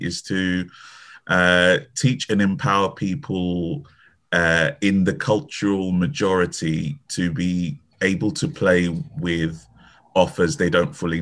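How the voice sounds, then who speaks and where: A man who teaches improv, speaking on an online panel in a measured, hesitant way. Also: sits low, steady tone, fairly bright tone.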